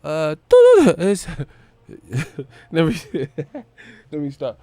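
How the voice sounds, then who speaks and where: A man's voice: a little high, drawn-out words, darkish tone, no echo. A man hosting a live commentary stream, talking in slangy, profane, joking chat and laughing often. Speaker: host. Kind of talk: livestream commentary.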